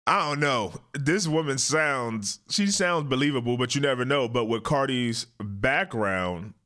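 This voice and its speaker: A man hosting casual commentary on a court video, animated and drawling, often jumping into high mocking impressions. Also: unhurried. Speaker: host.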